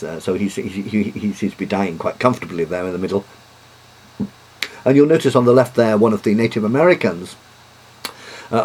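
A man's voice: lowish voice, darkish tone, husky. A man giving a history lecture, hesitant, with many fillers and restarts.

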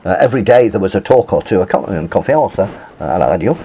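A man's voice: sits low, lively intonation, fast, dark tone, husky. A man giving a university lecture, hesitant, with many fillers and self-corrections.

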